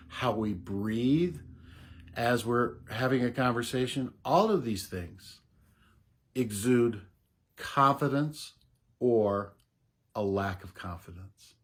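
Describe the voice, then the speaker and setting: A middle-aged man giving unhurried, casual advice to camera as a voice coach, explaining with soft laughs. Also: mid-range voice, slightly rough.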